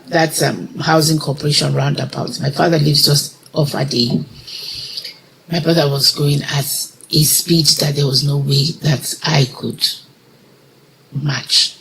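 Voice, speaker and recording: In a low, creaky voice with a bit of brightness, a middle-aged woman with a Nigerian accent tells an interviewer a personal story full of feeling. She vividly voices the words of others in her retelling. It's a low-quality recording carrying a little hiss or hum.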